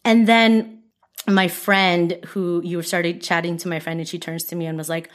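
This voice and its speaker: A woman's voice: medium pitch, fairly even intonation, moderate pace. A woman from Canada hosting a podcast interview, chatty and laughing easily as she tells a story. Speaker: podcast host. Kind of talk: conversational interview.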